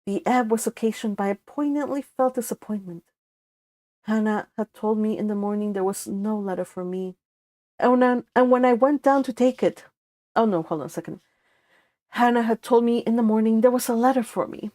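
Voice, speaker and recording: A woman's voice: on the high side, mellow. Woman reading a novel with a Spanish accent. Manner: unhurried reading, breaking off for casual asides and corrections. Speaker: audiobook reader. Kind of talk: reading a classic novel aloud.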